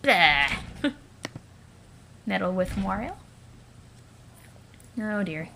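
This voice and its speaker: A woman's voice: mid-range voice, animated, brisk, fairly bright tone, a little hiss or hum. A woman reading a webcomic aloud in a casual let's-play style, with wry, playful asides.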